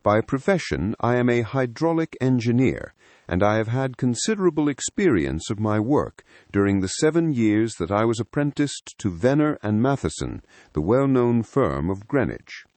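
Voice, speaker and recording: A man's voice: medium pitch, big pitch swings, normal speed, darkish tone, dry recording. A man voicing an earnest, polite young engineer telling his own story in an audiobook. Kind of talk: audiobook first-person narration.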